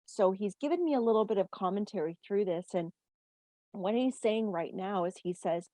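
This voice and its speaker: A woman's voice: medium pitch, moderate pace, mellow, dry recording. A woman from Canada working as a medium, steadily relaying quoted messages in casual conversation.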